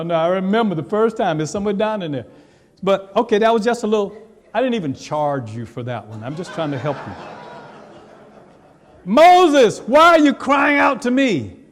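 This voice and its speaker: A man's voice: a little high, darkish tone. A male pastor preaching a sermon in a church sanctuary, talking straight to the congregation in a conversational, teasing way. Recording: long reverb of a church hall.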